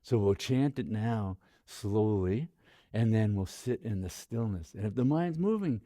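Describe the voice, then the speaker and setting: A man with a low, gravelly voice leads a guided meditation. He speaks slowly and softly, repeating phrases like a chant. His tone is dark and mellow, and the recording is close and dry. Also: no echo. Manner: slow, soft-spoken, repeats phrases like a chant. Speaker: meditation teacher.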